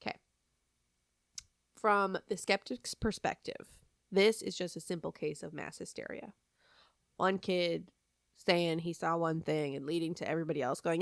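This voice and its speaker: A woman with a somewhat low voice tells a story as a podcast co-host, chatty and self-deprecating, with plenty of ums and likes. The sound is dry and close, with no room echo. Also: fairly even intonation, normal speed, creaky, pauses often.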